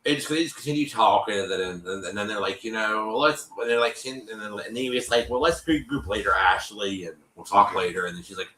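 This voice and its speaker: A man hosting a show, recapping an episode in casual chat, animated and full of fillers, with a cough. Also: on the low side, a little fast, few pauses, echoey room, low-quality recording. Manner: animated, lots of fillers and repeats, acts out quotes.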